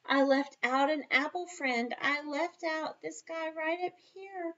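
A woman with a fairly high voice teaching kindergarten math, taking her time over every word. She coaxes and praises young children in a sing-song manner, now and then dropping to a whisper. The sound is a little dull and lo-fi. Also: steady tone, bright, forceful tone. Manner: slow, sing-song and encouraging, talking to children; playful mock surprise, sometimes dropping to a whisper. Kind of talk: video lesson for young children.

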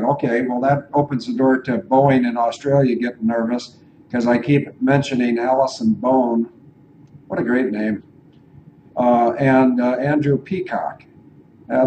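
A man hosts a casual talk show at an average pitch, wandering from point to point and thinking out loud between fillers. A faint hiss sits under his voice. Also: unhurried, long pauses, lo-fi sound. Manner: rambling, digressive, thinks aloud. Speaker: show host.

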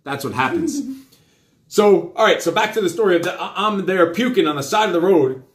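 A man's voice: sits high, sing-song, a little fast. A man hosting a live show, telling a story to his children in a rambling, profane, casual way. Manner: rambling, profane, with many fillers. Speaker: host and father. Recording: roomy echo.

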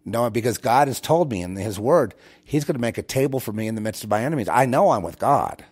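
Speaking quickly at a medium pitch, with a slightly mellow tone, a man hosts his own show. He rambles and preaches directly at his listeners, frequently restarting and repeating himself.

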